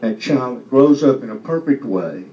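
A man's voice: mid-range voice, lively intonation, a little slow, warm tone. A man giving a loose, conversational testimony to a church congregation, often asking if they understand. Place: church hall. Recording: echoey hall from far off, dull sound.

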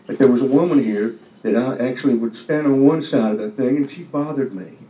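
Guy testifying in a church, dark mellow voice, far off mic, echoey dull sound. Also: mid-range voice, brisk. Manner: loose and conversational, keeps asking "you understand?". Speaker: church member giving testimony. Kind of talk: testimony to a congregation. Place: church hall.

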